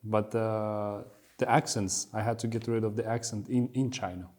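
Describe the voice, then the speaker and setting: A man's voice: on the low side, normal speed. A man with a Kazakh accent, hosting a podcast and telling stories in casual chat. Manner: animated, laughs while telling stories. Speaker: podcast host.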